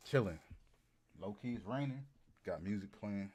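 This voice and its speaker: A man livestreaming and riffing comically to his chat, animated and hyped, repeating lines for laughs. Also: fairly low pitch, husky. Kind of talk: casual comedic riffing to a live chat.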